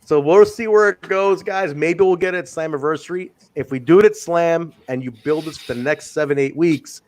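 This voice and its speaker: A man's voice: fairly high pitch, normal speed, darkish tone. A man hosting a wrestling podcast, chatting casually, swearing now and then and reading viewer comments aloud. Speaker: podcast host.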